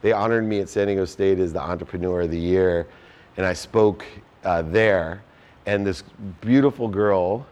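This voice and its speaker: A man's voice: low voice, normal speed, darkish tone, dull audio. A man in his fifties hosting a live Q&A meetup, giving a motivational talk in long repeated lists. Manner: preachy, repetitive lists, acts out quoted voices. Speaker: host answering audience questions. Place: meetup before a live audience.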